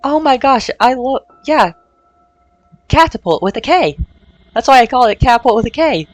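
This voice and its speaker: A woman streamer chatting casually while playing a game, excitable and swearing freely. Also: high-pitched, normal speed, no room sound. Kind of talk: casual gameplay chat. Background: faint game music.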